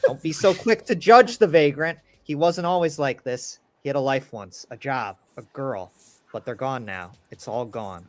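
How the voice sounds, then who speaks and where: A man's voice: mid-range voice, moderate pace. A man on a livestream, reading a tarot card's meaning aloud in a theatrical way that swings from pleading to mournful. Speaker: cast member on a livestream.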